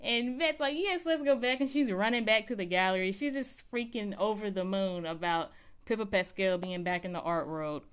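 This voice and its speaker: Animated woman recapping a show for viewers; smooth, resonant tone. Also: mid-range voice, moderate pace. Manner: animated, chatty storytelling. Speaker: TV recap vlogger. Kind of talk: casual episode recap.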